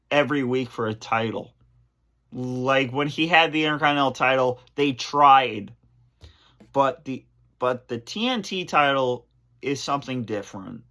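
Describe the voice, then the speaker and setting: Halting, emotional man with a bright voice. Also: mid-range voice. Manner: halting, emotional, many fillers and restarts. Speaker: channel host. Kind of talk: answering fan questions on camera.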